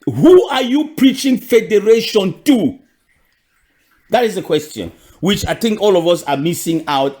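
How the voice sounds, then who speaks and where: A man with a Cameroonian accent delivers a fiery political monologue. His fairly high voice leaps up and drops low from phrase to phrase, and he hammers his questions home through repeats and restarts. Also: a little mellow. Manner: repeats questions with emphatic restarts and sudden pitch jumps. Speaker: political commentator.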